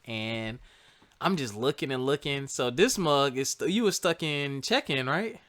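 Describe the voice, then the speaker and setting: Male podcast host, 30s, bright tone, casual self-mocking storyteller. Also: medium pitch, lively intonation, a little slow. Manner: laid-back, chatty, jokes at himself.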